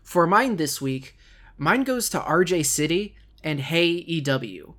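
A man hosting a wrestling podcast, chatting casually and joking with his co-host, talking fast and with enthusiasm. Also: on the high side, expressive, a bit bright.

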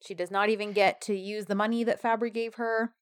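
A woman's voice: medium pitch, flat delivery, brisk. Enthusiastic woman chatting about a show. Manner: enthusiastic, lots of "uh-huh" and "I love it". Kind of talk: casual chat recapping a TV episode.

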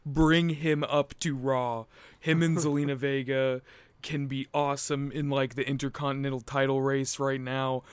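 Male co-host, casual and jokey, mid pitch, dead dry room. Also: normal speed, clean tone, no room sound. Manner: excitable, joking, laughs often, swears. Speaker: wrestling podcast co-host. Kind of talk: casual chat recapping a wrestling event.

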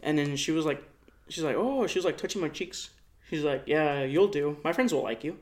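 A man's voice: on the high side, fairly quick. Young man telling a rambling story. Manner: rambling, swears a lot, lots of "like". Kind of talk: casual chat.

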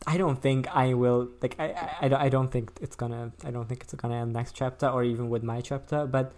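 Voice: medium pitch, steady tone, a little fast, darkish tone. A podcast co-host in casual chat, rambling and stumbling over words.

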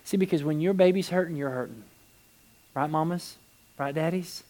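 A pastor preaches animatedly during a church service, his medium-pitched voice moving at a moderate pace with frequent pauses. He shifts from quiet emphasis to near-shouting and repeats words to build his point.

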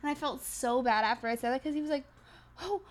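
A woman's voice: on the high side, quick pace. A young woman co-hosting a chat show, telling stories with lots of laughing and swearing. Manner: laughing, profane, animated storyteller. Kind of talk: casual chat.

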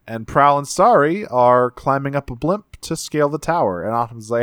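A man's voice: mid-range voice, lively intonation, a bit bright, clear, resonant tone, no echo, studio quality. A man co-hosting a podcast, casually recapping a cartoon episode in a rambling, profane way and acting out characters' lines. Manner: rambling, profane, retells scenes with quick voices. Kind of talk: casual chat.

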